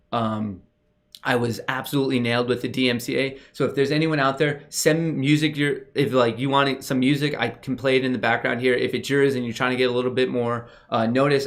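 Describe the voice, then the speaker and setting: A young man hosting a casual livestream, excitable and gushing as he talks straight to his viewers. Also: mid-range voice. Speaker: livestream host.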